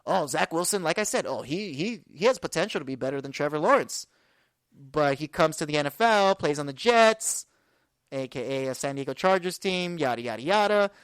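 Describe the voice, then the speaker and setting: A woman's voice: sits low, lively intonation, brisk, no room sound. A woman in her twenties hosting a sports podcast, talking casually and rambling with fillers. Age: 20s. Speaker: podcast host.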